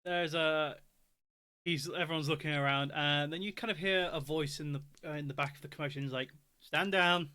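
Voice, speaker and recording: Brief: male game master, casual voice-chat narration, bright tone, chatty. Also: fairly high pitch, steady tone, fairly quick, clear, resonant tone. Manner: rambling, laughs often.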